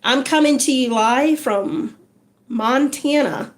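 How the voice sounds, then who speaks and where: A woman with a high voice talks slowly and unhurriedly as she hosts a casual livestream. She is encouraging and chatty, greeting her viewers one by one. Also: lively intonation. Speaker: livestream host.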